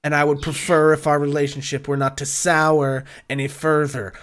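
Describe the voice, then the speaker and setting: A man voicing a gruff, impatient armored loan shark who threatens a debtor in a tabletop game. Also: fairly high pitch, flat delivery, moderate pace, fairly bright tone, close to an everyday voice. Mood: menacing. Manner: menacing, impatient, growling whisper at the end.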